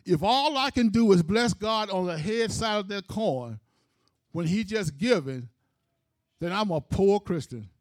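A man's voice: high-pitched, expressive, a little slow, dry recording, clean studio sound. A man preaching a sermon, telling a scripture story with emphatic, rhythmic phrasing.

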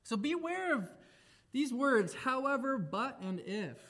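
A young man preaching a sermon, emphatic, moving between raised exclamations and quiet reflective asides. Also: very high-pitched, sing-song, slow.

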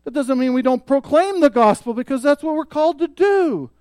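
A man preaching a sermon as pastor, emphatic, swelling loud on key points and dropping soft. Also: extremely high pitch, expressive, brisk, dry recording.

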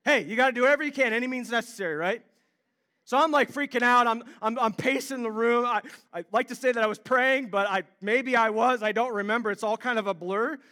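Young male pastor, very high voice, bright and forceful, animated storytelling. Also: a little fast, clear, resonant tone. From Ohio. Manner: animated storytelling, self-deprecating humor. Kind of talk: sermon.

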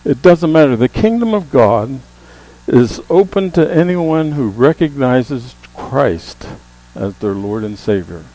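A man preaching a sermon as a pastor, with emphatic calls that rise to the congregation and a low hum under the voice. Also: lively intonation, slow pace, mellow, poor audio. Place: church sanctuary.

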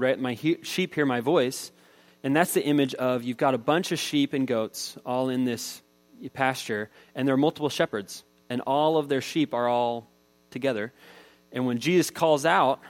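A man preaching a sermon as a pastor, talking in a relaxed, conversational way and telling everyday stories. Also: medium pitch, rough recording.

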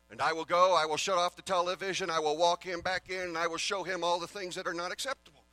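A middle-aged man delivers a sermon as a pastor, with a somewhat high, bright and forceful voice. He swings between loud emphatic declarations and quiet earnest asides. The sound is dry and close, with a faint mains hum underneath. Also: quick pace, few pauses, no room sound, poor audio.

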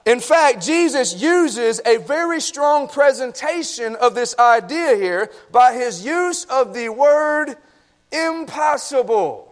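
A man's voice: very high voice, lively intonation, slow pace, hardly any pauses. A man preaching a sermon as pastor, reading scripture and praying, folksy and addressing the congregation directly. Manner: folksy, talks to the congregation with "y'all". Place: church sanctuary.

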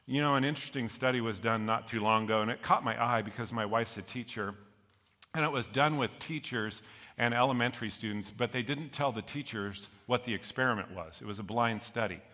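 Man preaching, pastor, bright forceful voice, long church reverb, lively asides. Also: medium pitch. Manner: lively, jokey asides with frequent "okay?" checks. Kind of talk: sermon. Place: church sanctuary.

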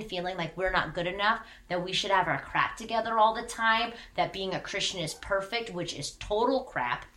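A woman's voice: mid-range voice, bright, forceful tone, roomy sound. A woman pastor in her thirties giving a candid, conversational sermon with emphatic repetition.

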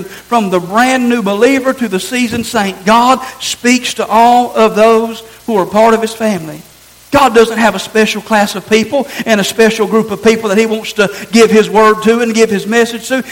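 A male pastor with a strikingly high voice delivers a sermon. He speaks earnestly and with emphasis, repeating phrases to press each point home. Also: poor audio. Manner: earnest, emphatic preaching with repetition.

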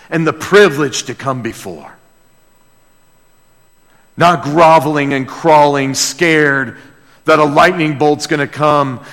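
A man's voice: on the high side, vocal fry, a bit bright, big-room sound. A man preaching a sermon as pastor, talking directly to his congregation and asking them questions. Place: church.

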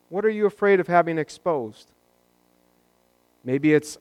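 A man's voice: sits high, moderate pace, dry recording. A man preaching a sermon as a pastor, talking in a conversational way with joking asides.

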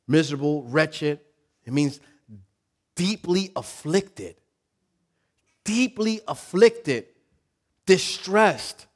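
A man preaching a sermon, animated, acting out inner voices with sudden loud high bursts, repeating words and laughing with the congregation. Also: measured pace. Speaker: pastor.

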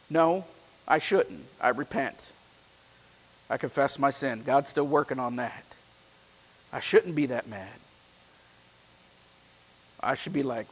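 A pastor preaching a sermon. He reads scripture with strong emphasis and then drops into relaxed, joking asides. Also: mid-range voice, measured pace, long pauses, breathy edge. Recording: long hall reverb.

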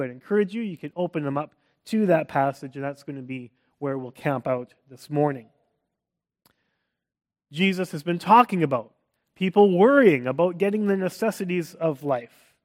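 A Canadian man preaching to his church, his voice sitting a little higher than most men's. He tells stories in an earnest, conversational way and mixes in light humour as he leads into scripture. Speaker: pastor. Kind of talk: sermon.

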